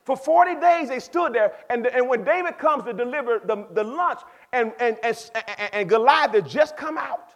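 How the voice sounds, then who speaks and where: A man with a very high voice preaches to a youth group. He leans into casual speech and calls out listeners by name. He swings from loud exhortation to quiet, plain explanation. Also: lively intonation, normal speed, hardly any pauses. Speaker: pastor. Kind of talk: sermon to youth.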